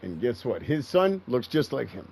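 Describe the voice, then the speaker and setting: Middle-aged guy w/ a gravelly voice rambling and cussing while he games, faint noise behind. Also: mid-range voice, sing-song, moderate pace, a little mellow, low-quality recording. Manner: profane, rambling, repeats himself. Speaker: gaming streamer. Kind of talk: casual storytelling while gaming.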